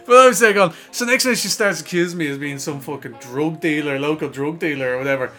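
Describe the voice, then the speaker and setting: A man's voice: fairly high pitch, quick pace, soft background music. Profane Dublin man spinning a yarn. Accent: Dublin Irish. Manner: animated, profane storyteller acting out voices. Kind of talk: casual storytelling chat.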